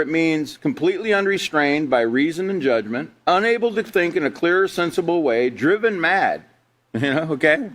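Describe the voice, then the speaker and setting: A man's voice: fairly high pitch, pushed and bright. A middle-aged man teaching a live online character education class, reading from slides and asking rhetorical questions. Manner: conversational, asks rhetorical questions, reads from slides.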